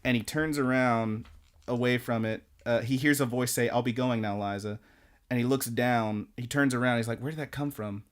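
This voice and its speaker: A man's voice: medium pitch, moderate pace. A man co-hosting a podcast, casually recapping anime episodes and acting out the characters' lines in a rambling way. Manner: rambling, animated retelling with quoted lines. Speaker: podcast co-host.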